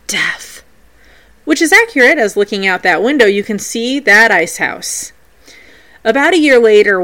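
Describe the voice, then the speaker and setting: A woman hosting a podcast, telling the stories of her paranormal investigations in a scripted but playful way. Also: medium pitch. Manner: storytelling paranormal investigation accounts, animated and playful. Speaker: podcast host.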